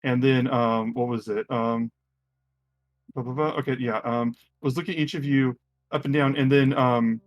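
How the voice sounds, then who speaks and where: Guy running a tabletop game, rambly, lots of ums, mid pitch. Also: fairly even intonation, moderate pace, muffled recording. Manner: rambling, many fillers and restarts. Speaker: game master.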